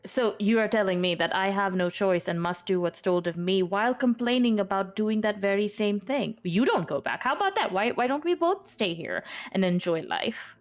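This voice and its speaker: A woman's voice: medium pitch, lively intonation, moderate pace, hardly any pauses, lightly acted. A woman voicing a young woman runaway who answers back defiantly.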